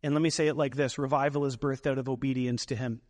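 A man's voice: mid-range voice, flat delivery, fast talker, long reverb tail. A man preaching a sermon as a pastor, emphatic, repeating phrases for weight.

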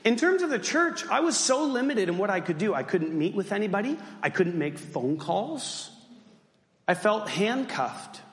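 A man's voice: sits high, sing-song, normal speed, fairly bright tone, slight background noise. A man in his thirties preaching a sermon as pastor, with humorous self-deprecating asides, his voice still a little weak. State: voice still weak after losing it. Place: church sanctuary. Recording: echoey church hall.

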